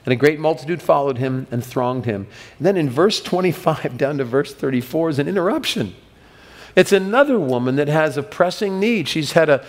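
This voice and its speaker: A man's voice: fairly high pitch, big-room sound. A man preaching a sermon as pastor, retelling scripture in a casual storytelling manner and voicing the people in it. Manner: storytelling preacher, acts out quoted voices. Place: church sanctuary.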